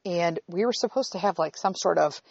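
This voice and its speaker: A woman's voice: fairly low pitch, fairly quick, vocal fry, darkish tone, no echo. A middle-aged woman telling a personal story in a blunt, profane, candid way, often checking in with her listeners. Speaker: vlogger. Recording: dull, slightly lo-fi recording.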